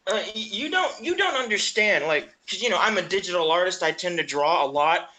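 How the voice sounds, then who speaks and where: A young adult man co-hosting a casual podcast, chatty and quick to laugh, swearing casually. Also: high voice, expressive, bright, forceful tone, low-quality recording. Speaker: podcast co-host. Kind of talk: casual gaming chat.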